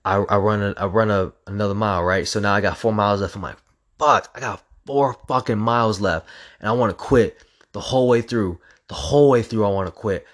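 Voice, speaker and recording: Animated low-voiced young man telling a story. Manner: animated, profane, acts out sounds. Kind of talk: casual storytelling.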